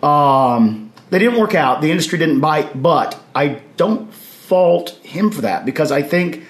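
A man telling anecdotes as a podcast guest in a lively way, acting out what others said and laughing along. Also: on the high side, unhurried. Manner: animated anecdotes, acts out others' lines, laughs while telling. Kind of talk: storytelling in casual conversation. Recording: roomy echo.

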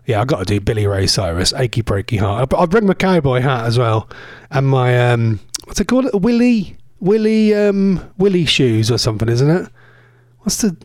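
A man's voice: a little high, dry recording, studio quality. Chatty man hosting radio. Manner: rambling, chatty, self-correcting. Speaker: internet radio host. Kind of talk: casual radio chat. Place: cold home conservatory.

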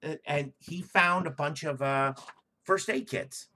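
Podcast co-host, man, husky, bright, swears a lot, very animated delivery. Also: a little high, a little slow. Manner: profane, loud and animated storytelling. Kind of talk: casual comedic chat.

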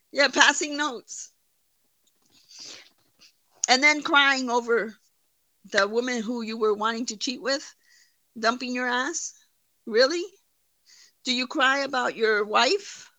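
A woman's voice: a little high, pushed and bright, no echo. A woman hosting a livestream, giving blunt, profane, mocking commentary. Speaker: livestream host. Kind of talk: casual commentary.

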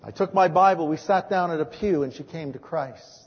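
High-voiced preacher in a reverberant hall. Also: male voice, moderate pace, breathy edge. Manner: earnest storytelling, acts out quoted dialogue. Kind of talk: sermon. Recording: dull lo-fi audio with long hall reverb.

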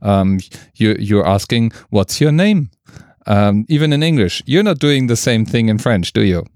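Low, dry-voiced man. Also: animated, a little mellow, smooth, no echo. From Germany. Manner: halting, restarts sentences, chuckles. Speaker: podcast co-host. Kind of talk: casual debate chat.

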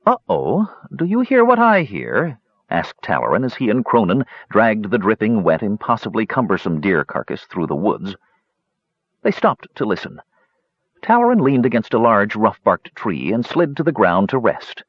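A man giving expressive scripted narration of a fantasy audiobook in a dull lo-fi recording. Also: lowish voice, moderate pace, breathy edge, no room sound. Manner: expressive, does character voices.

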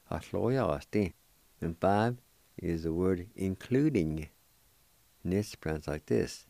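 A man leads a radio language lesson in a deep, smooth, mellow voice. He spells words one letter at a time and repeats them slowly. The sound is close and dry. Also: no room sound.

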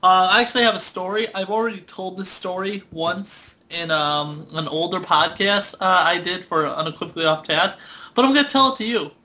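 A young man co-hosts a loose gaming chat, rambling along with frequent laughs and curses. His voice sits high and bright. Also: a little fast. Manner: rambling, laughing, swearing often. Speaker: podcast co-host. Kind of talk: casual chat.

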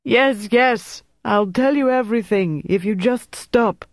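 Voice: medium pitch, moderate pace, darkish tone, no room sound, clean studio sound, close to an everyday voice. A narrator voicing a broken, frightened male prisoner who pleads tearfully. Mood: desperate. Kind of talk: audiobook narration.

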